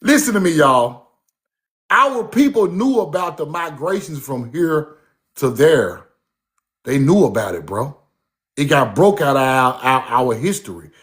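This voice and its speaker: High-voiced man telling stories with animated emphasis. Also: a little slow. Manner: animated, profane, repeats himself for emphasis. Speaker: speaker recounting his grandmother's teachings. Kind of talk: casual storytelling monologue.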